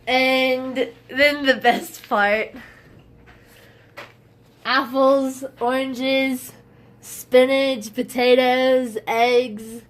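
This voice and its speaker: An exhausted, emotional long-distance hiker vlogs to camera inside a half-built shelter, gushing, rambling, and laughing often in this casual talk. Her voice is high, with fairly even intonation, drawn-out words, and long pauses.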